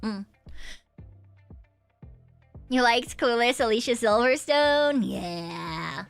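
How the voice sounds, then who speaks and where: A young woman streamer chatting casually with viewers, giggly and sweary, with a slight vocal fry and bits of singing. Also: fairly high pitch, extremely slow, soft background music. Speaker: VTuber streamer.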